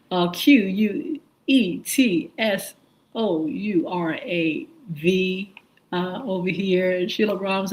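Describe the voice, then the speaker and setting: A woman hosts a live morning stream and reads out her viewers' names at an unhurried pace, spelling the hard ones letter by letter. Her voice sits in a middle range and her greetings are warm and easy. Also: mid-range voice, poor audio. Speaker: morning show host.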